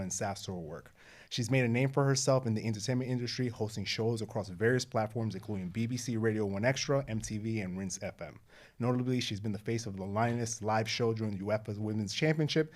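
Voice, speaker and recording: A man's voice: lowish voice, a little mellow. A man co-hosting a podcast, reading a polished guest introduction and chatting. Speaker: podcast co-host.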